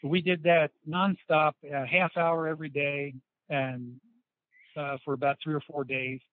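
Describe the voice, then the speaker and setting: A man's voice: a little high, flat delivery, unhurried. Male interview guest, loose storyteller full of restarts and quotes; thin phone-line sound. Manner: rambling anecdotes with many restarts and quoted dialogue. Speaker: interview guest, former football player. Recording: dry tinny phone-like sound.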